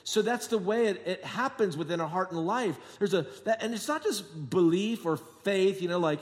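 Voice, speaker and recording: A man preaching a sermon as pastor, telling jokey stories and acting out quotes, moving between quiet asides and emphatic points. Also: high voice, moderate pace, few pauses. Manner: jokey, sarcastic storytelling with acted-out quotes. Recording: long hall reverb.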